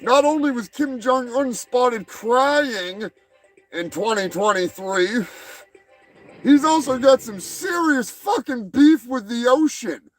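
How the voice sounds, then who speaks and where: A man hosting a show in a crude, profane comedy rant, mocking people and shouting when worked up. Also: very high voice, lively intonation, slow pace. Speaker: podcast host.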